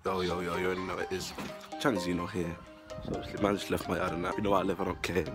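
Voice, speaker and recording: A man's voice: deep voice, level tone, rapid-fire, loud music behind the voice. A young man, vlogging casually with cheeky, joking street slang. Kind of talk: casual vlog chat.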